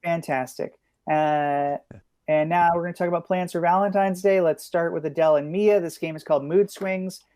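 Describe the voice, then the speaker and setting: A man hosting a live online improv comedy show, calling on players with quick, upbeat patter over a video call. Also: on the high side, steady tone, warm tone, clear, resonant tone, no room sound, studio quality.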